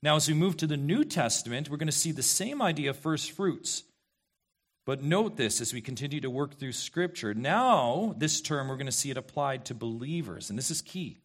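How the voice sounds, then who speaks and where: A man's voice: on the high side, lively intonation, normal speed. A male pastor preaching an expository sermon, emphatic and questioning, repeating key phrases to the congregation.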